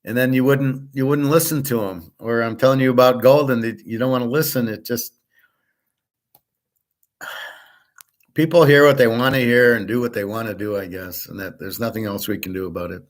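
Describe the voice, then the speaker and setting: A man's voice: mid-range voice, fairly even intonation, moderate pace. Middle-aged male host, casual solo ramble, blunt and repetitive, mid-range voice. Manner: blunt, repeats himself, swears. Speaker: channel host.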